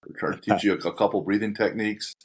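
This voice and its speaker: A man's voice: fairly low pitch, fairly even intonation, quick pace, breathy edge. A middle-aged man hosting a podcast, talking casually in a direct, coach-like way and laying out steps plainly. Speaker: podcast host.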